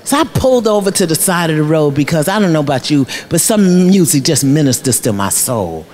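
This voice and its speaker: A woman's voice: deep voice, very animated, a little fast, a little mellow. A middle-aged woman, a life coach, giving a storytelling motivational speech in a preacherly way, repeating phrases for emphasis and laughing often. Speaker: keynote speaker, life coach. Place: large luncheon hall.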